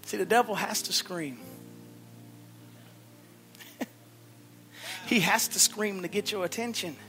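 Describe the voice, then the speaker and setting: A male pastor preaching a sermon with a Southern US accent, swinging between hushed whispers and loud shouts. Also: high-pitched, slow, long pauses. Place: church sanctuary. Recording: live church recording with music.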